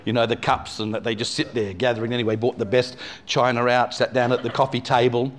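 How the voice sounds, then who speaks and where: Man, pastor, storytelling sermon, rambling asides, mid pitch. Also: flat delivery, fast. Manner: rambling, lots of "you know" and restarts.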